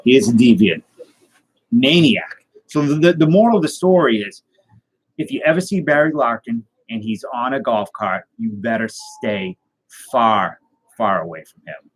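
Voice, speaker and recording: A man hosting a casual live stream, rambling through a deadpan tall tale and chatting with viewers. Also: mid-range voice, normal speed, slight background noise, poor audio. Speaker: host.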